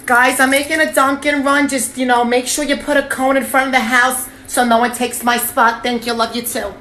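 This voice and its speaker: A woman in a comedy sketch clip playing a loud, brash mom who scolds and gossips. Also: high-pitched, flat delivery. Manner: brash, scolding, fast-talking. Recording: roomy clip audio with faint noise.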